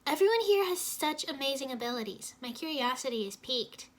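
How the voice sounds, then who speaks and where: A woman voicing an excitable, curious young woman ninja who speaks eagerly. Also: sits high, a little fast, voice pushed up. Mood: excited. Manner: eager, exclamatory.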